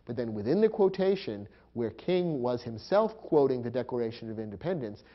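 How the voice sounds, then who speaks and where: A man's voice: medium pitch, sing-song, a little fast, highs cut off. A man teaching a grammar lesson, explaining punctuation rules step by step and spelling out marks aloud. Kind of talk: recorded lecture.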